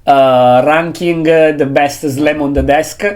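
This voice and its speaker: A man's voice: on the high side, steady tone, slow, a little mellow. A male streamer chatting casually over a game, rambling with restarts and self-deprecating asides.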